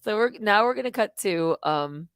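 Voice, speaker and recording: A middle-aged woman hosting a live stream, telling stories in a rambling, animated way with swearing and restarts. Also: mid-range voice, normal speed, smooth, no echo. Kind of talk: casual live-stream monologue.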